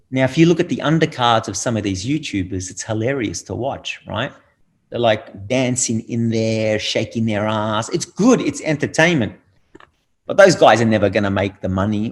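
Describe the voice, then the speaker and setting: A middle-aged man on a podcast, talking bluntly and preachily, swearing freely. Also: lowish voice. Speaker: podcast guest. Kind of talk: casual podcast conversation.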